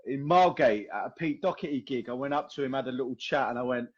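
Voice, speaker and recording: A young man hosting a podcast over a video call, tired and hoarse, chatting casually and swearing with a laugh. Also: mid-range voice, fast, highs cut off. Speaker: podcast host.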